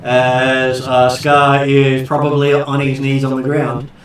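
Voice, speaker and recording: A man's voice: mid-range voice, completely flat delivery, takes it slowly, very echoey. A man narrating a tabletop game as game master and patiently explaining the rules. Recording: distant mic with faint noise.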